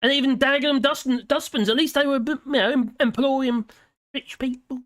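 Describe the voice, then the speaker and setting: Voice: sits high, fairly even intonation, moderate pace, a bit bright, no room sound, clean studio sound. A British host in their fifties, chatting casually on a live stream and reading out notes, rambling off on tangents and laughing along the way. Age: 50s. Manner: rambling, chatty, often laughing and wandering off topic. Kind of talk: casual commentary reading and digressing.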